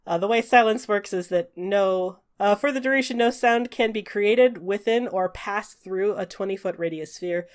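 A woman's voice: mid-range voice, moderate pace, few pauses. A woman narrating a tabletop game as game master, chatty, with many fillers and restarts. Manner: chatty, frequent "uh" fillers, restarts mid-sentence.

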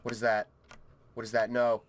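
In a monotone, medium-pitched voice at a moderate pace, a young man provides let's play commentary on a horror game, panicking, cursing and rambling to himself. Slight background noise is present, and his keyboard clicks faintly near the desk mic.

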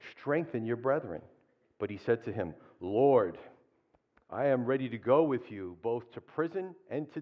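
A man preaching a sermon as a pastor, in a conversational way, often tagging his points with questions and animated asides. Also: on the low side. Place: church hall. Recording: dull sound with long hall reverb.

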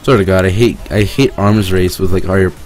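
A man's voice: deep voice, steady tone, darkish tone, faint music behind. A young man streaming a shooter game, swearing and raging at his own play in casual chat. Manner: swears a lot, quick to rage.

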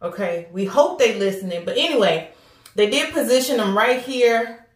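A woman's voice: on the high side, lively intonation, moderate pace. A woman chatting casually to viewers as she reviews a wig, calling them honey and baby. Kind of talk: casual product review vlog. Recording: echoey room.

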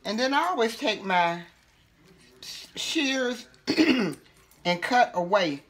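A woman's voice: a little high, expressive, extremely slow, a little hiss or hum. A woman, chatting casually as she demonstrates home cooking. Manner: chatty, folksy, talks while working with food.

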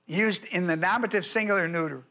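A male pastor works through a verse in an expository sermon, leaning hard on each point and repeating his key words. His voice sits high and bright for a man, with a forceful edge. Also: fast.

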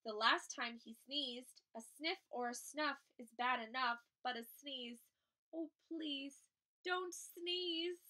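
A woman's voice: on the high side, fairly even intonation, unhurried, hardly any pauses, pushed and bright, low-quality recording. A woman teacher reading a children's picture book aloud, expressively acting out the animals. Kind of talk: children's story read-aloud.

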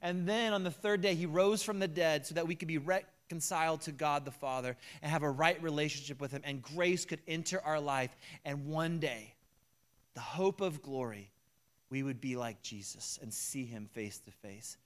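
A male pastor delivering a sermon, moving between loud emphatic preaching and hushed personal confession. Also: a little high, moderate pace. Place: church sanctuary.

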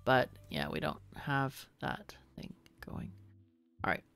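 A woman's voice: extremely low pitch, big pitch swings, takes it slowly, creaky, a bit bright, clean tone, faint music behind. A woman hosting a let's play, chatting and thinking aloud while she plays, with frequent laughs. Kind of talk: gameplay commentary.

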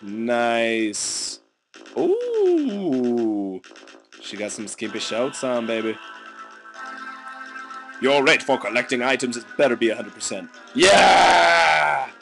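A man with a sick, hoarse voice, making crude jokes as he talks over a video game. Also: mid-range voice, measured pace, music in the background. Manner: joking, crude and excitable. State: hoarse from illness. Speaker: let's player. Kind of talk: casual gameplay commentary. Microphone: desk microphone.

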